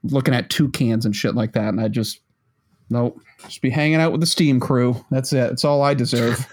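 A man's voice: mid-range voice, normal speed, darkish tone. A man in casual chat, rambling and self-mocking, with lots of fillers and swearing.

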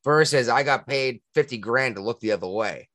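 A man with a Massachusetts accent co-hosting a podcast in casual chat, talking in an animated way that jumps high when he gets worked up. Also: normal speed, no room sound, studio quality. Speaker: podcast co-host.

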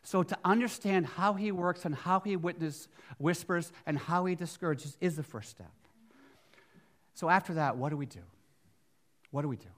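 A middle-aged male pastor preaching a sermon, swinging from near-whispers to loud emphatic bursts, with chatty asides and rhetorical questions. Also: a little high, normal speed.

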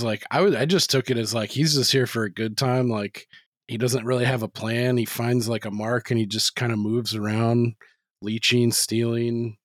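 Dude rambling on a podcast, loose and sweary, dry close mic, middle pitch. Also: male voice, no echo. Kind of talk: casual film podcast chat.

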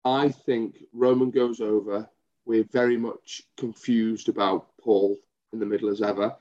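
Bloke on a podcast, mellow dark voice, chimes in with lots of yeahs, bit dull lo-fi sound. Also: male voice, on the low side, level tone. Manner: eager, quick agreeing interjections. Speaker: podcast co-host. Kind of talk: casual wrestling chat. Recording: slightly dull lo-fi audio.

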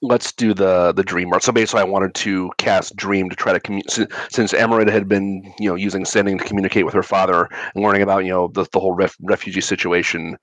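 A man with a very low voice talks through a spell for his tabletop game character. He rambles and restarts a lot as he explains. The sound is dry and close. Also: flat delivery, fast, hardly any pauses, a bit bright, dry recording, poor audio. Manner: rambling, many restarts and filler words. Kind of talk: casual explanation of game rules.

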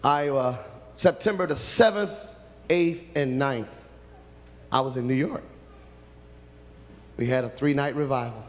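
A medium-pitched man preaches slowly, pausing often, his words trailing into a long reverb tail. His sermon swings from hushed pleading to loud cries as he prays aloud and recounts stories from his ministry.

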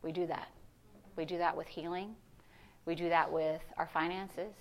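A woman pastor preaching a sermon, animated and conversational, asking the congregation questions. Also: lowish voice, normal speed, slight background noise. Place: church service.

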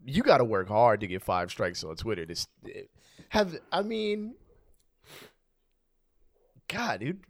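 A man co-hosting a podcast in casual chat, laughing often and telling stories with lively quoted voices. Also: medium pitch, slow pace, long pauses, no room sound, clean studio sound. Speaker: podcast co-host.

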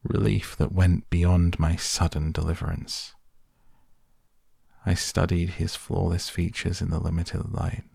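A man narrating a story in a measured, even way, reading an audiobook. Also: sits low, gravelly, slightly rough, dry recording.

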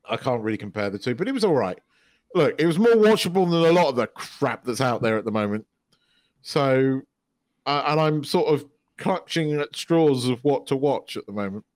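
A man's voice: medium pitch, animated, moderate pace, pauses often, no room sound. Rambling, sweary man, dry sound. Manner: rambling, sweary, lots of restarts and fillers. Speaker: podcast co-host. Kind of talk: casual chat.

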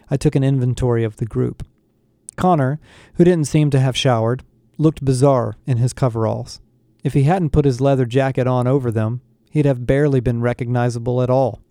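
A man narrating a first-person story in a steady storytelling delivery. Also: mid-range voice, no room sound, studio quality. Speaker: audiobook narrator.

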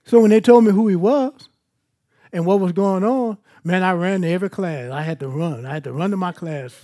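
A man's voice: sits high, brisk, warm tone. A man preaching a sermon at an evening church service, moving between scripture and personal stories in an emphatic, conversational way.

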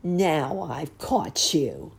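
A woman's voice: low voice, big pitch swings, very slow, creaky, slightly rough, full character voice. A woman voicing a sly, gloating male mosquito villain in a storybook reading, taunting his trapped prey.

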